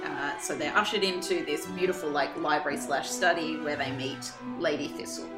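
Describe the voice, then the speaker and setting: A woman with a voice that sits low co-hosts a podcast, recapping a play casually and comedically and acting out the characters' lines in quick, animated bursts. The sound is roomy, and she's heard over loud music.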